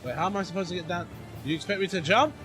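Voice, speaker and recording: A man's voice: high-pitched, rapid-fire, music in the background. A young British man with a London accent, chatting and laughing as he comments on a video game. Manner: chatty, laughs often, excitable outbursts. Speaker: streamer. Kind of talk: gameplay commentary. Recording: game audio underneath.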